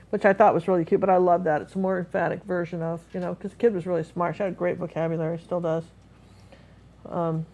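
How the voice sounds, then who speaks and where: Woman, painting teacher, lowish voice, chatty and rambling, live class. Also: darkish tone, rough recording. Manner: rambling, many fillers and restarts.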